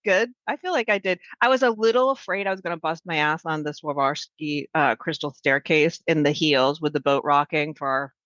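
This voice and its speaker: A woman from Maine co-hosting a podcast, telling stories in a chatty, animated way. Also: low voice, brisk, few pauses, no room sound, dull audio. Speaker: podcast co-host. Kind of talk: casual chat.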